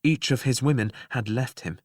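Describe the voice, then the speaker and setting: A man reading a story aloud as a first-person narrator in a slow, restrained, scripted way. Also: medium pitch, darkish tone, no echo, clean studio sound. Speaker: audiobook narrator.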